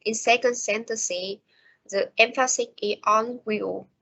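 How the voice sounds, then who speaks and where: A young woman with a Vietnamese accent reading a class presentation slowly and carefully, with small slips and restarts. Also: on the high side, fairly even intonation, vocal fry, fairly bright tone. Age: young adult. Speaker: student presenter. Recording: dull lo-fi home recording.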